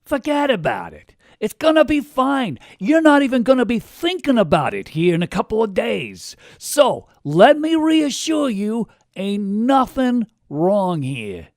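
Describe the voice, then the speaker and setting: A man's voice: high voice, sing-song, unhurried, gravelly, hardly any pauses, dry recording, studio quality, voice pushed up, heavily acted. A radio host putting on a breezy, reassuring man calling from the future, with a Queens accent. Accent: Queens, New York.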